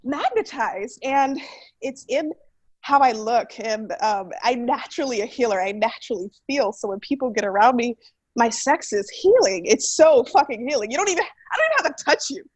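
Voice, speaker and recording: A woman's voice: fairly high pitch, lively intonation, moderate pace, husky, no echo. A woman sharing in an online group class, out of breath, effusive and laughing often, with some swearing. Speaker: class participant. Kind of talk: casual sharing in group call.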